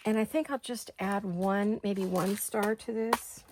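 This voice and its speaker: A woman's voice: mid-range voice, steady tone, unhurried, darkish tone, a little hiss or hum. A middle-aged woman hosting a craft video, chatting casually and thinking aloud as she works. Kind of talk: casual craft-along chat.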